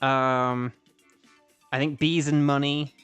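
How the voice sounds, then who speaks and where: A man's voice: medium pitch, flat delivery, slow pace, a bit bright, smooth, soft background music. A young British man chatting casually to his stream while playing a video game, rambling with lots of fillers and restarts. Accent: British English. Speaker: streamer and voice actor. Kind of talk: casual gaming livestream chat.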